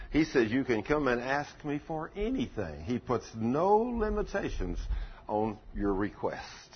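A man's voice: on the high side, breathy edge. A man preacher giving a folksy sermon, telling stories and asking rhetorical questions. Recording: lo-fi dull recording.

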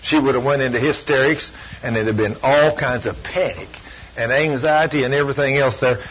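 An older man preaches a folksy, plain-spoken sermon packed with homespun stories, often poking fun at himself. His voice is mid-range and fairly quick, and the recording is dull and lo-fi with slight background noise.

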